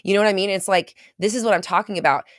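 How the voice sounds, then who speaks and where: A woman's voice: medium pitch, rapid-fire, dry recording, clean studio sound. A woman hosting a casual livestream as a manifestation coach, chatting, laughing often and reading viewer comments aloud. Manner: chatty and animated, laughs often, frequent fillers and some swearing. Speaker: manifestation coach and show host.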